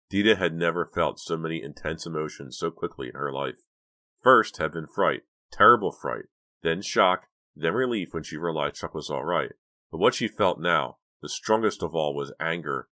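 Deep-voiced male audiobook narrator. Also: moderate pace, sharp tone. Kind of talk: scripted narration.

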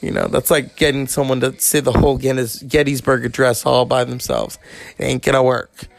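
Gravelly, foul-mouthed ranting man in his forties. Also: flat delivery, moderate pace, no room sound. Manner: ranting, swearing, mocking others in high put-on voices. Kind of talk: profane rambling monologue.

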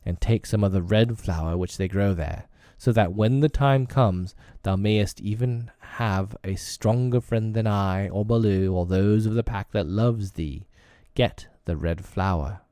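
A man's voice: lowish voice, measured pace, few pauses, warm tone, no room sound, studio quality, close to an everyday voice. A man voicing a wise, protective male panther who speaks solemnly and tenderly in a storybook reading. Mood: grave, tender.

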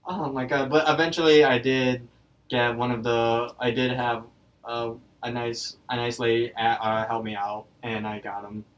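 Male co-host, excitable, swears a lot, mid-pitched, a little off-mic. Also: moderate pace, far from the mic, rough recording. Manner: excitable, swears freely, yelps when shocked. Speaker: podcast co-host. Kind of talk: casual chat.

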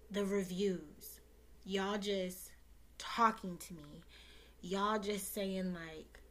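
Young woman podcast host, casual and heartfelt, near tears, talks right to her listeners. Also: mid-range voice. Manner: emotional, close to tears, talks warmly and directly to listeners with many fillers.

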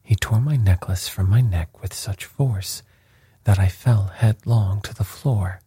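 A man's voice: fairly low pitch, a little slow, mellow, husky, no room sound. A man whispering a shaken noblewoman, whispered role-play.

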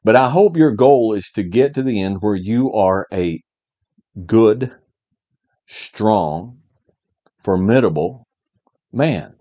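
A man's voice: on the low side, animated, slow pace, long pauses, mellow. A middle-aged man giving a motivational talk to young men, emphatic, repeating key phrases and checking in with "all right?". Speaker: podcast host giving life advice.

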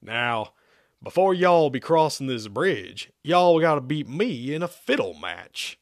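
A man voicing a toothless old hillbilly who slowly drawls threats at travelers in a comic story reading. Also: a little high, very animated, no room sound, studio quality, voice pushed up. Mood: menacing.

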